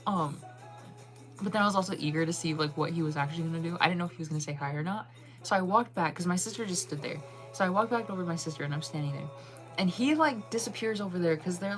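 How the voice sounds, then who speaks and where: A woman hosts her channel and tells a long story to her viewers in loose, animated chat. She laughs often and fills her sentences with "like". Her voice sits a little low, with soft music playing faintly behind her. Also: rough recording. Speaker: channel host.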